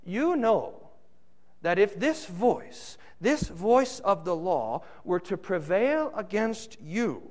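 Male pastor, preaching a sermon, slow measured delivery, animated rising and falling voice. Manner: slow, dramatic preaching with wide swings in pitch and loudness.

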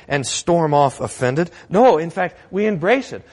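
Lively-voiced male pastor preaching. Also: on the high side, moderate pace, hardly any pauses. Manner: conversational, wry humor, acted quotes. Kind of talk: sermon. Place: church.

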